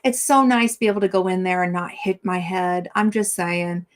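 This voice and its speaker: A woman's voice: on the low side, fairly even intonation, moderate pace. Chatty middle-aged woman hosting a live stream. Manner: rambling and chatty, many fillers, greeting viewers by name. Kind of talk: casual live-stream chat.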